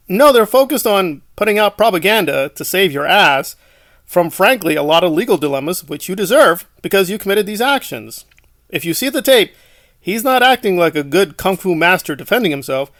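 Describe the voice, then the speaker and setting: A man's voice: sits high, lively intonation, normal speed, a bit bright, no room sound, studio quality. A man giving sarcastic online commentary, mocking and scornful.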